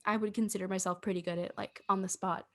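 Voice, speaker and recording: A young woman and drama student co-hosting a podcast, coaching in casual chat with a teasing, deadpan manner and frequent restarts. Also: mid-range voice, fast. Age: young adult.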